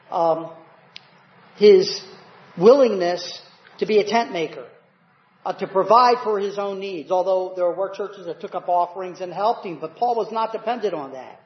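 A male pastor preaching a sermon, often asking the congregation "Amen?". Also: high voice. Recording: roomy, dull church recording.

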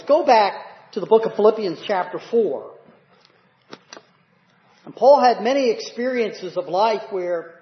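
A male pastor preaching a sermon, often asking the congregation "Amen?". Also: sits high. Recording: roomy, dull church recording.

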